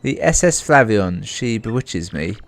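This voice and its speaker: A man's voice: on the low side, big pitch swings, a little slow, vocal fry, full character voice. A man voicing a pompous, vain, rich ship owner who talks in a grand, boastful, theatrical way. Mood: fussy.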